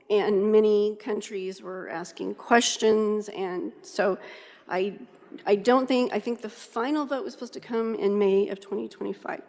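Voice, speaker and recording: Woman, from Kansas, nervous citizen testimony, earnest and halting, gravelly voice, long reverberant hearing room. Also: mid-range voice, a little mellow. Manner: earnest, halting with frequent ums. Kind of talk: public testimony. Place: large legislative hearing room.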